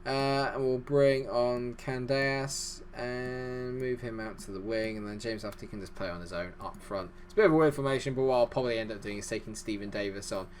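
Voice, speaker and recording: A man giving fast, excitable live commentary over a football management game, chatty and self-deprecating. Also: medium pitch, a little hiss or hum. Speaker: gaming YouTuber.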